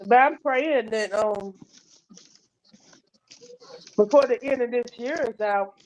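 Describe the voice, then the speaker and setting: A woman's voice: fairly high pitch, slow pace, rough recording. Rambling, laughing woman. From North Carolina. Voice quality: loud laughing, rambling with repeated restarts. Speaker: live panel chat guest. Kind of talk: casual chat.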